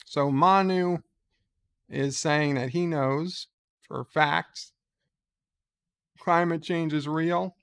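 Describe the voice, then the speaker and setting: A man giving slow, halting casual commentary, reading out posts and answering them with many ums and uhs. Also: a little high, steady tone, creaky, a bit bright, clean tone. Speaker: YouTuber reading and answering tweets.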